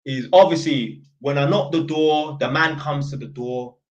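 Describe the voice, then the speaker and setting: A young London-accented channel host from North London, his voice a little high and his speed normal, tells his viewers a story and rants in slangy, blunt, opinionated talk on a muffled recording.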